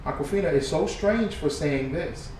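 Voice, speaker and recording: A man giving heated reaction commentary, shifting from muttered news reading to loud, profane ranting. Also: on the high side, normal speed. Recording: echoey room, distant mic, faint noise.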